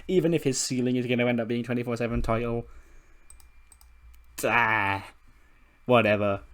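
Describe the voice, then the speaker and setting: A let's play creator narrates his wrestling management game casually at a middling pitch, rambling loosely, using fillers and swearing freely.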